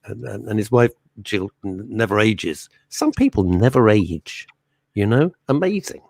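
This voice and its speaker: A man's voice: lowish voice, animated, measured pace, vocal fry, darkish tone, no room sound. A middle-aged man hosting a radio show, chatting casually and rambling through anecdotes. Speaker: radio host. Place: radio studio.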